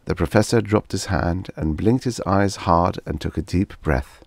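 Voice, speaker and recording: Deep gravelly male narrator. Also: a little mellow, dry recording. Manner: measured, storytelling delivery. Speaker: audiobook narrator. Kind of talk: scripted narration of vintage short stories.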